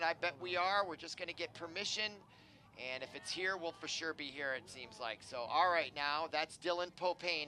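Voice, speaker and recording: Bright-voiced man calling a lacrosse game. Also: on the high side. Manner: chatty, rising excitement on plays, digressive asides. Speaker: play-by-play commentator. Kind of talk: live sports commentary. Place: outdoor sports field.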